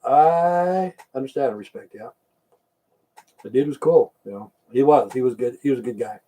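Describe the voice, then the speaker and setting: A man's voice: mid-range voice, normal speed, dark tone, far from the mic. An older man hosting a casual livestream, rambling in blunt, profane rants. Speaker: livestream host.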